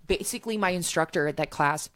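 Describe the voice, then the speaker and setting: Brief: low-pitched woman, podcast guest, rambling storyteller, filler-heavy. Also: fast, fairly bright tone, no echo, studio quality. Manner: chatty storyteller with many "um"s and "like"s. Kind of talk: casual interview chat.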